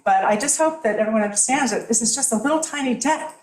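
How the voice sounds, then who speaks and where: A woman's voice: fairly high pitch, fast, roomy sound, low-quality recording. A middle-aged woman making an emotional, rambling, apologetic public comment at a podium in a town meeting room. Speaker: homeowner speaking at a public hearing.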